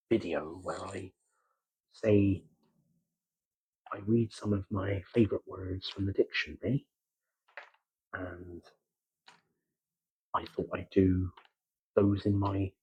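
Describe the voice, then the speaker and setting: Gloucestershire man, soft-spoken ASMR chat, very low and smooth-toned, halting with many pauses. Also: rough recording. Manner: soft-spoken, slipping into whispers. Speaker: ASMR creator.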